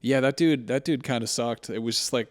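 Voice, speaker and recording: Profane, animated male storyteller. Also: mid-range voice, brisk. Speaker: podcast co-host. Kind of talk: casual chat.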